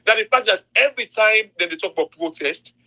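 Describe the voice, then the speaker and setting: High, bright, fast-talking Sierra Leonean man. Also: muffled recording. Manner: emphatic, repetitive. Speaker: commentator. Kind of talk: heated political chat. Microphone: phone voice message.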